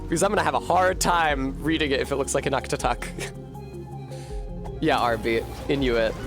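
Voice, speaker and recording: A man's voice: mid-range voice, fairly even intonation, moderate pace. Male streamer, sardonic and profane live commentary, game music faint behind. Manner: profane, sardonic thinking aloud. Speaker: streamer playing a video game.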